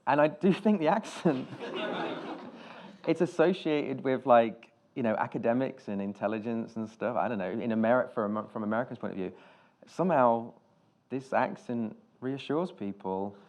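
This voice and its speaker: A British film director, appearing as an interview guest in a live on-stage conversation, tells rambling anecdotes full of restarts and casual swearing. His medium-pitched voice is a touch mellow, he speaks at a moderate pace, and there's a faint hiss or hum.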